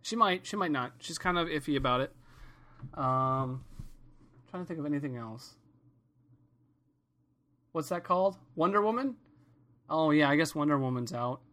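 A man rants casually on his podcast, swearing often and wandering from one gripe to the next. His voice is bright and forceful, and he tells his stories with animated comedic energy. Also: on the high side, normal speed, long pauses. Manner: profane, rambling, animated storytelling. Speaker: podcast host.

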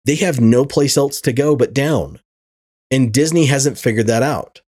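Male podcast host, casual rant, profane, stammers and restarts, mid pitch. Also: lively intonation, unhurried, a little mellow. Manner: ranting, profane, repeats words often. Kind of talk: casual chat.

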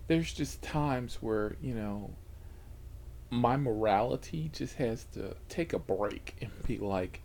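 Slow, gravelly man with profane asides. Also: medium pitch, darkish tone, slight background noise. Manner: profane, laughing, with whispered asides. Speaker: rideshare driver and channel host. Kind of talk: casual storytelling to camera.

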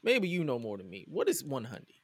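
Animated man recapping wrestling. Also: mid-range voice, fairly quick, no echo, studio quality. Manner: animated, incredulous, quotes promos aloud. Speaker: podcast host. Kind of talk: casual wrestling recap chat.

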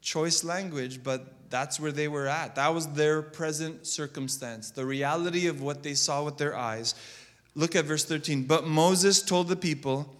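A man preaching a sermon as pastor, reading scripture aloud and applying it, swinging between loud emphasis and low, quiet asides. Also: a little slow, in a large hall.

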